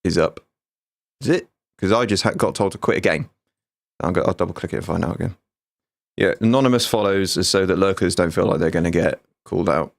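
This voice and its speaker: A man's voice: deep voice, fairly quick, gravelly, no echo. A man in his thirties, an ex-soldier streaming a game, chatting frankly with viewers and swearing freely. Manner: frank, sweary, jokey banter. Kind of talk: casual livestream chat with viewers.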